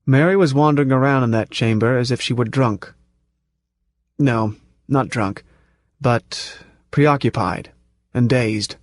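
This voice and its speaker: A man reading a first-person story aloud at a measured, tense pace, close to the mic. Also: medium pitch, no room sound. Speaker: audiobook narrator. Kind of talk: first-person audiobook narration.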